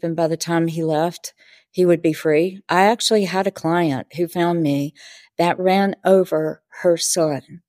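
A spiritual teacher tells stories in an interview, earnestly and vividly acting out the dialogue. Her voice is fairly low and a little mellow, with fairly even intonation and a measured pace. The studio-quality recording has no echo.

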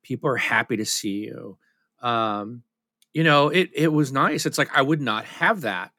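Bright, candid man on a podcast. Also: medium pitch, measured pace, dry recording, clean studio sound. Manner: candid, self-deprecating, rambling with restarts. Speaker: podcast co-host. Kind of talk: casual chat.

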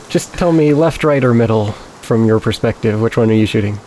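A man running a tabletop game as game master, giving calm, unhurried rulings. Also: fairly low pitch, slight background noise.

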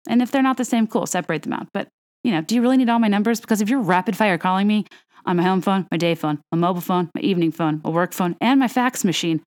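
A young woman hosting a podcast, chatting in a casual, animated rant full of fillers and self-corrections. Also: mid-range voice, fast. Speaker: podcast host.

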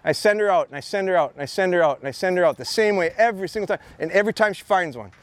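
A man who is a dog trainer giving an energetic, repetitive talk at a live training seminar outdoors. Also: high voice, rapid-fire, dry recording. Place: outdoor expo training area.

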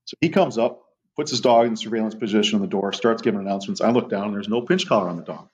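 Low-voiced man telling stories, muffled. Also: rapid-fire. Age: middle-aged. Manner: rambling storyteller, casual profanity. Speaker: guest, police dog trainer. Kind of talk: casual podcast chat. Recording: muffled lo-fi audio.

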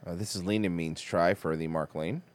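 A man's voice: deep voice, fairly even intonation, normal speed, dry recording. A man hosting a casual livestream, reacting animatedly and swearing freely. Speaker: livestream host.

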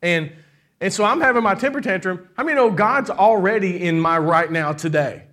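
Male pastor, middle-aged, high bright voice, preaching with lots of call-and-response. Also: moderate pace. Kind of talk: sermon.

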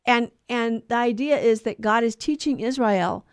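Woman podcast co-host, higher voice, chatty and self-correcting teaching style, dry close mic. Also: normal speed, few pauses, smooth, no echo. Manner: explanatory, digressive, self-correcting. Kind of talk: casual catechetical chat.

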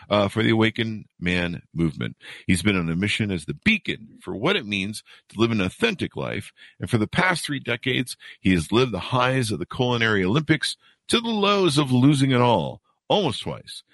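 A man's voice: medium pitch, fairly bright tone, no echo. A man hosting a podcast, joking and rambling with self-mocking asides. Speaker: podcast host. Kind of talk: casual rambling podcast intro and interview.

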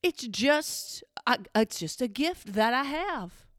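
A woman's voice: sits high, animated, slow, a bit bright, no echo, studio quality. A middle-aged woman and mother, chatting in a sassy, emphatic monologue straight to her listeners. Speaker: parent monologue host. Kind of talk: casual chat monologue.

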